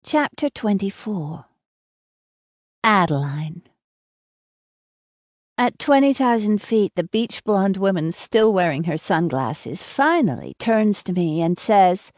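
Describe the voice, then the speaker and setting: A woman reading a first-person audiobook in an even, measured way. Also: medium pitch, dry recording, clean studio sound. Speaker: audiobook narrator.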